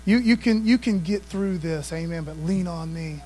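A man's voice: high voice, moderate pace, a little mellow, soft background music, low-quality recording. A man preaching a sermon in a conversational style, often calling out to the congregation for responses. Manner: conversational preaching, frequent call-outs to the congregation. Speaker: pastor.

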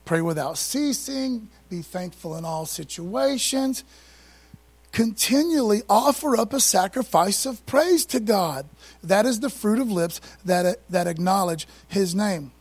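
Excitable high-voiced husky preacher man. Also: a little slow. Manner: casual, conversational preaching with slang and asides; excitable, speeds up when fired up. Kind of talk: sermon.

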